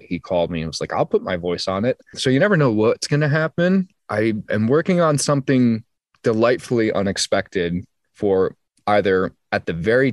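Low-voiced young man rambling in an interview. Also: no room sound. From New Jersey. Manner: rambling, many restarts and stammered repeats. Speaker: singer-songwriter guest. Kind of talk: casual interview chat.

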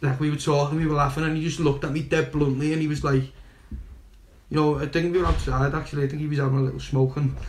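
A man's voice: on the high side, level tone, quick pace, a little mellow, a little hiss or hum. Rambling man in an echoey room. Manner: rambling, swears, laughs while telling. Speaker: guest. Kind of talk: casual storytelling.

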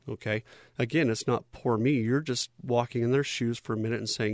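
A man's voice: medium pitch, fairly even intonation, brisk, no room sound, clean studio sound. A man giving an instructional talk in a conversational way, often checking in with his listeners. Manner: conversational, checks in with "okay?" and "right?".

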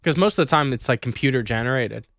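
A man joining a casual podcast chat with quick, joking questions. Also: medium pitch, vocal fry, fairly bright tone, no room sound, studio quality.

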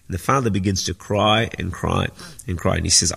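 Male pastor, sermon, gravelly husky voice, earnest teaching tone, long hall reverb. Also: lowish voice, a little fast, a bit bright. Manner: earnest, teaching with repeated phrases. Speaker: senior pastor.

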